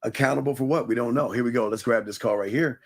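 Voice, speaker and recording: A man's voice: medium pitch, quick pace. A man co-hosting a live call-in stream, talking bluntly and animatedly, repeating his points. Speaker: livestream co-host. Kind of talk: casual live call-in chat.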